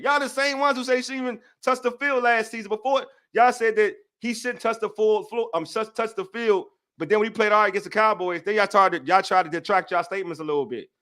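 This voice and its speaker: A man's voice: sits high, brisk, few pauses, sharp tone. A man hosting a casual sports debate show, heated and slangy as he vents his frustrations.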